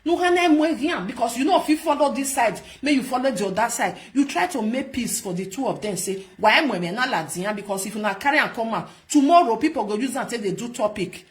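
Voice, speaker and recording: A woman's voice: a little high, quick pace, hardly any pauses. A woman from Nigeria with a Nigerian Pidgin accent, ranting and scolding as a vlog host in casual commentary, repeating herself for emphasis. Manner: scolding, repetitive, animated.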